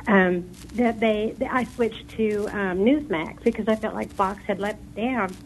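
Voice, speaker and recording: A woman from Texas calling into a radio show, hesitant and halting, losing her voice. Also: medium pitch, a little hiss or hum, rough recording. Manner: hesitant, halting, many fillers. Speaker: caller.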